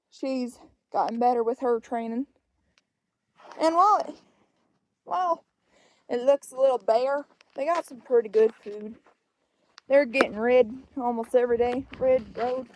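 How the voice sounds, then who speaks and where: A young woman vlogs her ranch chores in a rambling, self-joking way, her voice a little higher than most. She takes her time with every sentence, talking outdoors into a phone held in her hand. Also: darkish tone, a little hiss or hum. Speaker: ranch vlogger. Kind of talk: casual vlog chat while doing chores. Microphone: handheld phone.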